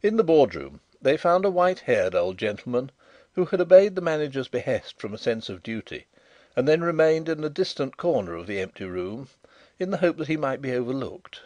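A man narrating a classic detective story in a lively, expressive storytelling manner. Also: medium pitch, a little fast, no echo. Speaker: audiobook narrator. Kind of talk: scripted narration.

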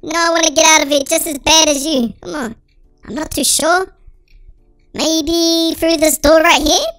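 Chipmunk-filtered let's-play host, excitable and dramatic, very high and piercing. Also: normal speed, no room sound, soft background music. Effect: sped-up chipmunk voice filter. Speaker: gaming channel host. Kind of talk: let's-play gameplay commentary.

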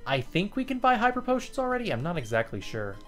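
A man's voice: high voice, huge pitch swings, fast talker, fairly bright tone, soft background music. A man giving casual commentary as he plays a game, chatty and profane, easily amused and talking to his viewers. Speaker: let's play host.

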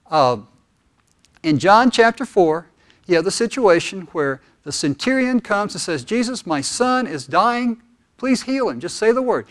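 A male pastor preaching a sermon in an animated, conversational storytelling manner. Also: high-pitched.

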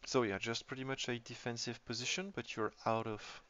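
A man's voice: medium pitch, steady tone, a little fast, sharp tone. A man giving casual live-stream commentary on a tabletop game, thinking aloud as he reads the game state. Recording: dull lo-fi stream audio.

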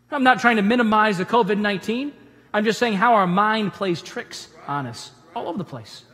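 High-voiced pastor preaching in a reverberant church. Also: male voice, a little fast. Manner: animated storytelling with humorous asides. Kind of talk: conversational sermon. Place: church auditorium.

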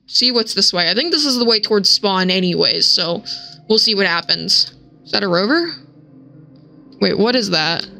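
A young woman giving casual gameplay commentary, excitable, swearing and shrieking when startled. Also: medium pitch, rough recording. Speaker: gaming streamer. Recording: music playing behind the voice.

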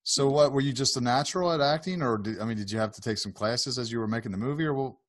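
A man hosting an interview podcast, relaxed and encouraging with his guest. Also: medium pitch, quick pace, dry recording, clean studio sound. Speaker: podcast host. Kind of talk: casual interview.

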